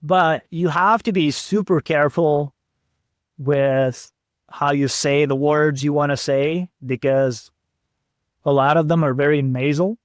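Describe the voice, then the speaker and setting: A man's voice: a little high, fairly even intonation, a little slow, no echo, studio quality. A man hosting a podcast, telling travel stories in a laid-back casual way, swearing and saying "dude.". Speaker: podcast host. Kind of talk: casual storytelling chat.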